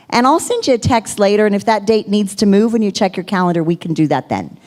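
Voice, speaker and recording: A woman on a video call, showing trainees the upbeat pitch she uses for booking. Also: lively intonation, fast, hardly any pauses, a little mellow. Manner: upbeat, demonstrates scripts. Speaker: sales trainer. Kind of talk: role-played sales pitch.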